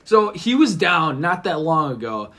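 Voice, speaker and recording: A young man on a podcast, telling a story in an animated way, swearing and acting out the voices of the people in it. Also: fairly high pitch, a little slow. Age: young adult. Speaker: podcast guest. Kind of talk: casual chat.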